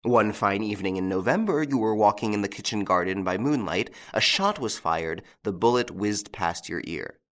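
A composed gentleman thief speaks in a measured, commanding way, voiced by a male audiobook reader. His lowish voice is clear and deliberate, and he questions and reassures with quiet authority. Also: animated. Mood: grave.

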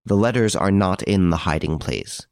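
A man's voice: sits low, animated, moderate pace, vocal fry, darkish tone, dry recording, studio quality. A man voicing a cornered blackmailer who answers in sullen, grudging words. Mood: defiant.

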